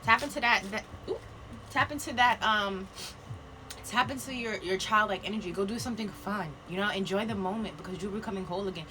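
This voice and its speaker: A chatty woman doing a live spiritual card reading over a phone, her voice bright and forward. She talks loosely and playfully to her viewers, laughing often, with a faint hiss of noise behind her. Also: mid-range voice, brisk. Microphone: phone live video.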